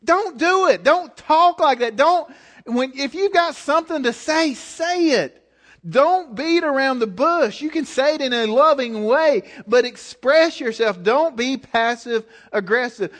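A man's voice: very high voice, expressive, measured pace, fairly bright tone. A male preacher delivering a conversational sermon, speaking with emphasis and direct exhortation.

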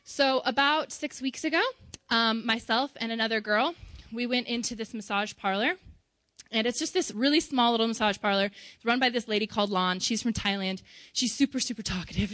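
A woman's voice: fairly high pitch, pushed and bright, dry recording. A young woman, a church outreach volunteer, telling a personal testimony in a casual, chatty way with lots of "like" and "um".

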